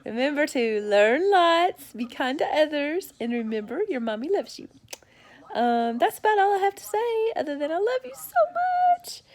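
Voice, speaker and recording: A woman's voice: high-pitched, sing-song, normal speed. A mother in a home video, cooing in sing-song baby talk to her child and leaving her a loving message.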